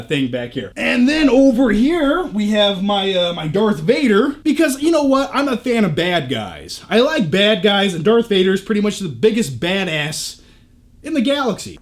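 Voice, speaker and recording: A man with a fairly high voice that swings widely up and down as he talks. He chats his way through a tour of his home theater room, tossing in jokes and casual swearing. He sounds close and clear on a camera shotgun mic. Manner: chatty, joking asides, casual swearing.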